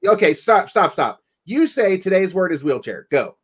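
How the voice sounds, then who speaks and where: A man's voice: sits high, sing-song, moderate pace, slightly rough. A man from the United States hosting a casual livestream, joking and reading viewer comments aloud. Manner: playful, joking, reads chat comments aloud. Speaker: livestream host.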